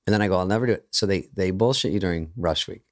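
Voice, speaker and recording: A man's voice: sits low, rapid-fire. A man telling stories as a guest comedian in a casual podcast chat, acting out other people's lines in changed voices.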